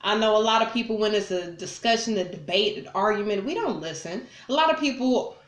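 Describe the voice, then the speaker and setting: A woman vlogger talking straight to her viewers in a relaxed, blunt, profane way. She acts out heated arguments and jumps into raised voices. Her voice sits in a middle register and rings around a roomy, echoey space. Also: mid-range voice, fairly quick. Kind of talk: casual talk to camera. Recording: roomy echo.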